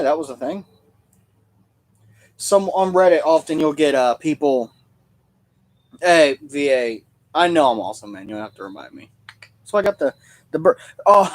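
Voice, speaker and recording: A man hosting a casual livestream, rambling through stories and jokes. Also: on the high side. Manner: rambling storytelling, joking. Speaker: livestream host and Civil War reenactor.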